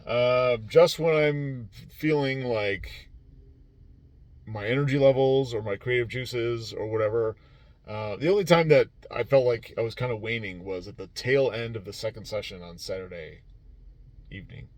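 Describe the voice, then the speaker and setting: A man who runs tabletop games at a convention recaps his weekend in a casual vlog. He rambles, laughs easily, and is full of fillers and restarts, speaking at a moderate pace in a mid-range voice with no echo.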